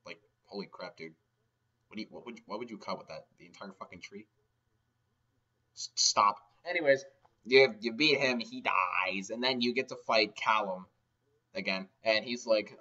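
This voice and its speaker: A man's voice: on the low side, normal speed, sharp tone. A man giving a rambling, sarcastic comedic game recap, swearing often, recorded on a dull, lo-fi mic. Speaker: game ranter.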